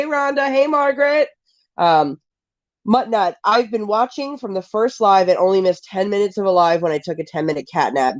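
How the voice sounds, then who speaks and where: A woman's voice: mid-range voice, no room sound, highs cut off. A woman with a cold, sniffly, hosting a casual live stream from home and chatting and greeting viewers one by one.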